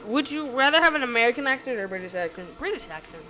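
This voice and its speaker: A woman's voice: a little high, sing-song, very fast, sharp tone. A woman vlogger reading questions aloud and answering them in casual chat, rambling and hesitant with many fillers. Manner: rambling, hesitant, lots of ums and likes. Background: background music.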